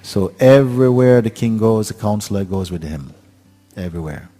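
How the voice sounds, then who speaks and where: A man giving a spiritual talk, telling a parable slowly and gently with many pauses. His voice is very deep and a little husky, with faint music playing behind. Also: expressive. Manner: unhurried, gentle, with pauses and fillers. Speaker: spiritual teacher.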